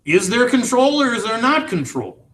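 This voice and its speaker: A man's voice: extremely high pitch, sing-song, normal speed, a bit bright. A man teaching an English class, reading a novel aloud and asking his students questions. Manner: reads dialogue with shifting voices, asks the class questions. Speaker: high school English teacher.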